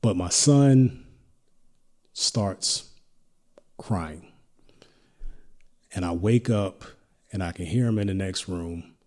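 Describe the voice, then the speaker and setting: Deep, mellow-voiced man telling a story. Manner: reflective, halting with restarts. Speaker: podcast host. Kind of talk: personal storytelling.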